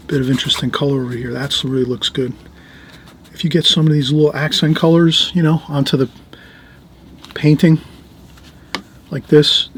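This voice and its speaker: A man's voice: medium pitch, slight background noise. Easygoing man teaching oil painting. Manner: easygoing, talks while working, often trails off softly. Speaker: painting instructor. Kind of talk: relaxed painting tutorial.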